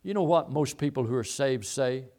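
A man's voice: mid-range voice, lively intonation, moderate pace, darkish tone. A man preaching a sermon, repeating and stressing his points as he quotes scripture. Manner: emphatic, repetitive preaching with Bible quotes.

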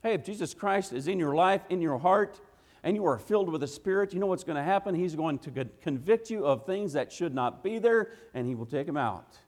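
A male preacher delivers an emphatic evening sermon in a rather high voice. He talks in a folksy way, full of rhetorical questions and interjections, and his words carry a long reverb through a church hall. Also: expressive, a little fast, a little mellow. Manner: folksy, drops into "gotta" and "ain't". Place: church sanctuary.

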